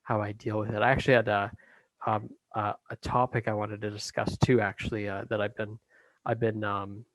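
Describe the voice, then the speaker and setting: Flat-voiced hesitant man guest. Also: fairly low pitch, a little fast, no echo, rough recording. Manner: hesitant, many fillers and restarts. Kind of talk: casual conversation.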